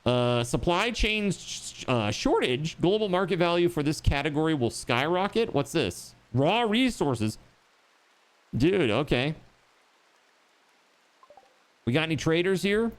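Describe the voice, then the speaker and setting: A man's voice: a little high, big pitch swings, a little slow. A man streaming a game, chatting casually and joking, swearing freely. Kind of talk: casual chat while gaming.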